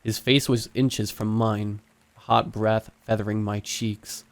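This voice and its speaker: A man's voice: lowish voice, little pitch movement, takes it slowly. Man narrating a horror story. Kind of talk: scripted narration.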